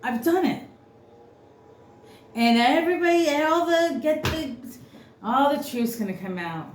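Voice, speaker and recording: A woman's voice: high voice, animated, moderate pace. Blunt, cursing woman tarot reader. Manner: blunt, profane, ranting. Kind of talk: unscripted spiritual reading. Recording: roomy echo, faint noise.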